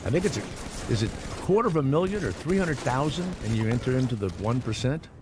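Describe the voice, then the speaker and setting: A man's voice: medium pitch, animated, fast talker, background noise. A middle-aged man hosting a talk radio show, rambling through a sarcastic comedic monologue with mock voices.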